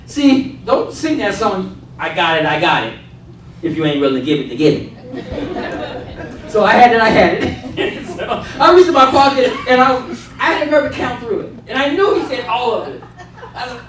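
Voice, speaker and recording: Male preacher, high voice, call-and-response sermon in a very echoey church, mic set back, faint room hum. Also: sing-song, brisk, fairly bright tone, distant mic.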